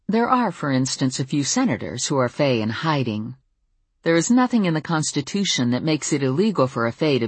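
A woman's voice: rumbling low, slightly rough, no room sound. A woman narrating a first-person novel in a wry, conversational way. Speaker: audiobook narrator.

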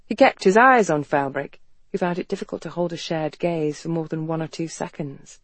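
An audiobook narrator with a mid-range voice reads a novel in an even, measured storytelling style, with no room sound.

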